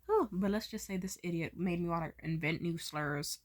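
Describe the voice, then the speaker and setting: A drunk woman vlogging a profane, joking story in a casual, animated way. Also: lowish voice, normal speed, a little hiss or hum. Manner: animated, profane, jokey, slurs words while tipsy.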